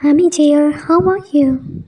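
A woman voicing a gentle, fatherly cloud uncle in a children's storybook, speaking in a thick, warm tone. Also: sits high, slow pace, recorded from a distance, poor audio. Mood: tender.

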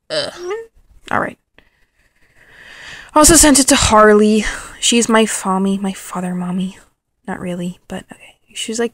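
A woman's voice: mid-range voice, gravelly, fairly bright tone, no room sound. A woman vlogging late at night in a dim room, rambling and reading out text messages. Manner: rambling, giggly, quotes text messages aloud. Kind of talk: casual late-night vlog.

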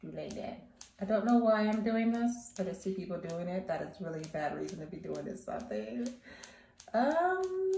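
A woman's voice: mid-range voice, sing-song, normal speed, gravelly, warm tone. A woman chatting casually to her viewers while doing her hair at home. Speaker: vlogger. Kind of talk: casual vlog chat. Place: at home indoors. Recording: echoey room, faint background noise.

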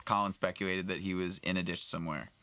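Bright-voiced man chatting enthusiastically. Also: deep voice, fairly even intonation, fast talker, clean tone. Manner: enthusiastic, storytelling. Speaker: actor guest. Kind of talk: casual chat.

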